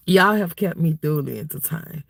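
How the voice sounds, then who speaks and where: A woman's voice: deep voice, a little fast, creaky, a little hiss or hum. A woman hosting a livestream, chatting casually and laughing as she gossips, tired and cold. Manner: animated, laughing gossip with frequent "baby" and "y'all". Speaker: livestream host.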